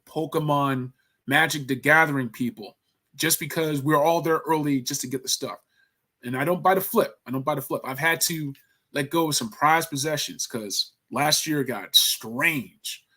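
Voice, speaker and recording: A man hosting a casual livestream about toy figures, excitable and slangy, laughing often and talking to his viewers. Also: medium pitch.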